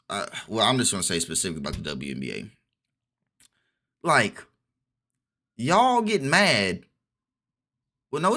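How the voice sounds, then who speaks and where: A man's voice: on the high side, sharp tone. A young man in a heated, repetitive commentary rant for his vlog, restarting his sentences often. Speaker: vlogger.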